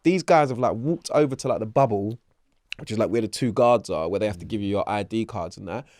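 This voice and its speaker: A young man with a London accent, his voice sitting fairly low. He tells his story with animated energy, swearing freely and putting on the voices of others. The recording is dry and close. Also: fast, no echo. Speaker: interview guest. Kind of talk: casual storytelling.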